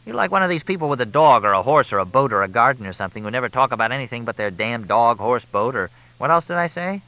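A man's voice: mid-range voice, very animated, fast talker, sharp tone, dry recording, voice pushed up. A man voicing a wry, joking young reporter in a dry, teasing way.

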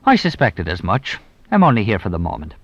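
A man's voice: on the low side, huge pitch swings, a little fast, no room sound, muffled recording, heavily acted. A man voicing a shrewd, teasing police inspector who probes with dry, mock-innocent questions. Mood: sly.

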